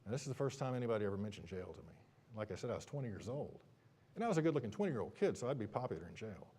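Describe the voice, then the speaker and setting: A preacher telling a humorous personal story during a sermon, with lively, animated delivery. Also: male voice, lowish voice, racing, a little hiss or hum.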